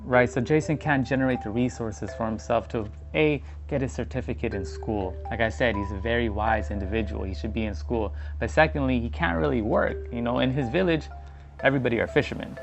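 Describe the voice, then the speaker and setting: A man with a gravelly, fry-tinged voice tells a personal story in a laid-back, slangy way and acts out the dialogue as he goes. Quiet music plays under his voice-over. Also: medium pitch, brisk, lo-fi sound. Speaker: vlogger narrating a story.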